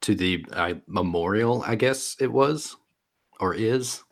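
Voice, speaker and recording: A man voicing a shy teenage girl student who speaks haltingly and awkwardly. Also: on the low side, pitched above the performer's own voice. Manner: halting, awkward, repeating himself.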